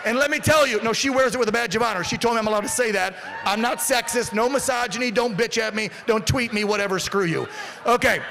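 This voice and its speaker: A man with a very high, bright voice fires up a rally crowd. He is brash and profane, tossing in joking asides. A faint hum of event ambience sits under him. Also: fast, creaky. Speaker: event warm-up speaker. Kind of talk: rally hype speech.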